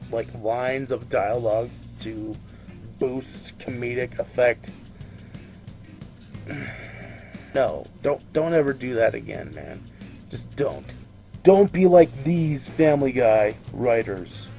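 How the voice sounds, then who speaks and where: A man's voice: mid-range voice, mellow. A drunk man giving a casual video review of a movie, rambling, swearing freely and tripping over his own words.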